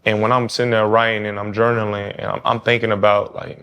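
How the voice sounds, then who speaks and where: On a podcast, a guest quarterback in his thirties with a New Orleans accent chats casually, animated as he acts out what people said. He talks fast with a fairly low pitch; his tone is clean though the sound is lo-fi.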